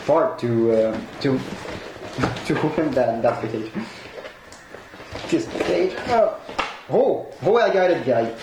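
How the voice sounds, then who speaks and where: A man who is not a native English speaker, unboxing a collectible, excitable, laughing often and swearing in broken English. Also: mid-range voice. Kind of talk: unboxing vlog. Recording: echoey room with noisy background.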